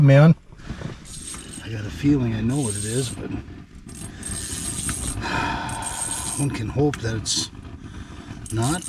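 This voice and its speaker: A man narrating a fishing vlog from an ice fishing shelter. He murmurs softly to the fish and breaks into excited exclamations. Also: mid-range voice, creaky, heavy background noise. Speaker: fishing vlogger.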